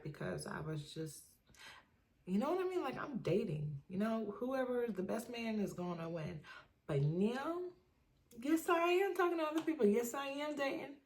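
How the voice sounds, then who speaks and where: A woman's voice: mid-range voice, big pitch swings, moderate pace, a little mellow. Chatty young woman giving frank advice. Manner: chatty, emphatic, repeats "you know what I mean". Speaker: vlogger. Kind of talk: casual advice monologue to camera.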